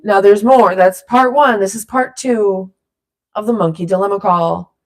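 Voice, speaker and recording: A woman leading a silly vocal warm-up in a playful, rambling way, drifting into loose improvised rapping. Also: medium pitch, a little slow. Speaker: vlogger leading a vocal exercise. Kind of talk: playful casual instruction.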